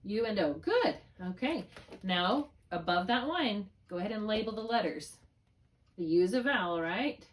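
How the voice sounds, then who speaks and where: A woman's voice: mid-range voice, expressive, moderate pace, recorded from a distance. A woman works through a spelling lesson with a single student, talking patiently through each step as she marks up the words. Her voice sits in a middle register and is picked up from a little way off the microphone. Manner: patient, thinking aloud step by step. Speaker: reading tutor.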